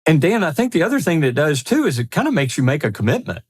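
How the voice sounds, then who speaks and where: A man's voice: fairly high pitch, big pitch swings, quick pace. A man co-hosting a podcast in a casual, upbeat way, affirming his partner and building on his points. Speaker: podcast co-host.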